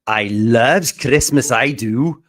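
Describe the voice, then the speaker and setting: A man voicing a jolly male snowman, in a drawn-out, sing-song way, recorded for an animated character. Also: mid-range voice, no room sound, studio quality.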